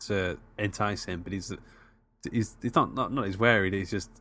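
A man with a lowish voice recounts a film's scenes in a loose, rambling way. He fills pauses with hesitations and laughs easily. The tone is casual conversation between friends. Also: pushed and bright. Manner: laughs often, rambling with fillers. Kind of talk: casual film discussion.

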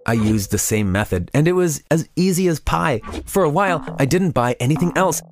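A man's voice: on the high side, expressive, a little fast, background noise. A man narrating a first-person confessional story in a scripted way.

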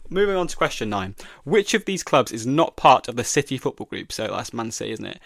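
Male host, young, mid-pitched, dry recording; muses his way through a play-along quiz. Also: big pitch swings, a little fast, gravelly, fairly bright tone, no room sound. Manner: thinks aloud, reading questions and guessing. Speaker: podcast host. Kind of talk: solo football quiz podcast.

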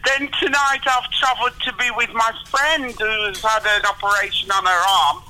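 A woman's voice: a little high, unhurried, bright, forceful tone. A woman calling in to a podcast, talking cheerfully over the phone. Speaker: guest on the phone. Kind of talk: casual chat. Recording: phone line.

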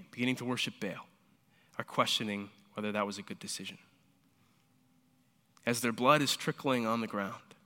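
A man preaching a sermon, retelling scripture in lively, casual everyday speech. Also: mid-range voice, big-room sound. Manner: animated storytelling, paraphrasing scripture in casual modern speech. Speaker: pastor.

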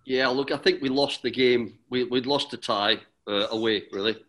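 Rambling former footballer telling stories. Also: male voice, medium pitch, moderate pace, a bit bright. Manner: rambling, with many restarts and "mate". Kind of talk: relaxed anecdotal storytelling.

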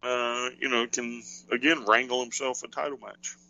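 A man's voice: medium pitch, fairly even intonation, normal speed, creaky, pushed and bright, poor audio. A man co-hosting a podcast, talking casually in a rambling way and thinking aloud with lots of fillers. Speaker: podcast co-host. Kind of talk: casual wrestling chat.

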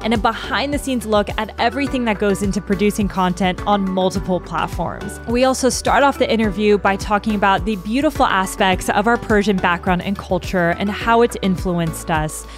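An earnest woman hosts a podcast interview, her voice sitting at a middle pitch. She talks in a heartfelt, sincere way. Clear music plays underneath. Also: moderate pace, few pauses. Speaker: podcast host.

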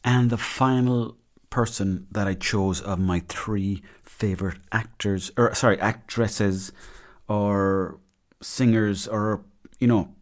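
A man's voice: fairly low pitch, steady tone, slow pace. A man hosting a solo podcast, rambling and chatty, with a self-deprecating manner. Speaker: podcast host. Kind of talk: casual solo podcast monologue.

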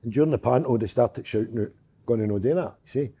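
A middle-aged Scottish man telling stories in casual chat, gruff and sweary with a mock-snappy edge. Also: mid-range voice, fast, dark tone. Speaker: guest comedian.

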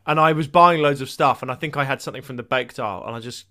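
A man's voice: medium pitch, fast, pushed and bright. A man co-hosting a comedy podcast in casual banter, playful and jokey, laughing mid-sentence. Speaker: podcast co-host.

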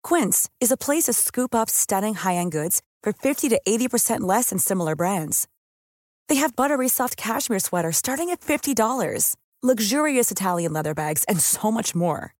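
A woman's voice: medium pitch, expressive, moderate pace, darkish tone, no echo, studio quality. A woman reading a scripted ad in an upbeat, enthusiastic way. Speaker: ad reader. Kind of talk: scripted ad read.

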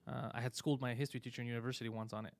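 A man hosting a live show, giving a fast, opinionated rant full of swearing. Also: medium pitch, level tone, dry recording. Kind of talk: casual live-stream chat.

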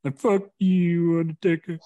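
A man putting on the voice of a battered, vengeful old wrestler, shouting in a high, strained, drawn-out way. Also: flat delivery, dry recording, lo-fi sound, close to an everyday voice. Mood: snarling.

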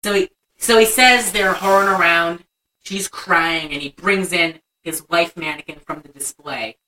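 A woman's voice: fairly low pitch, a little slow, sharp tone, far from the mic, poor audio. A young woman co-hosting a casual chat, animatedly retelling a movie scene and acting out the lines. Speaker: podcast co-host.

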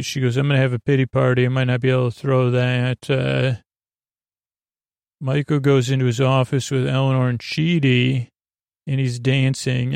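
A man murmuring a lulling bedtime recap, his delivery level and almost monotone. His voice has a gravelly edge, and he rambles through the story with plenty of fillers. The sound is dry and close, with no room around it. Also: medium pitch, no room sound. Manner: rambling, loose retelling with many fillers. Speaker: podcast host.

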